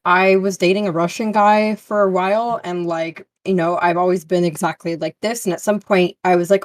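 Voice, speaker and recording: A woman's voice: medium pitch, a little fast, few pauses, no room sound. A woman telling a story bluntly in a casual group chat, swearing freely.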